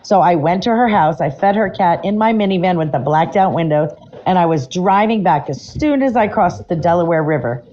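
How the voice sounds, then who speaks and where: A woman's voice: on the low side, lively intonation, a little fast, dark tone. A woman co-hosting a podcast, telling a story in a casual, wry way and relishing the details. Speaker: podcast co-host. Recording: slightly dull mic with faint noise.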